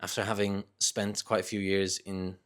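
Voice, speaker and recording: A young man with a low voice that stays fairly flat, speaking in a casual vlog. He muses in a thoughtful, hesitant way, with pauses and restarts as he works out what he means. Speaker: vlogger. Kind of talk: casual reflective talk to camera.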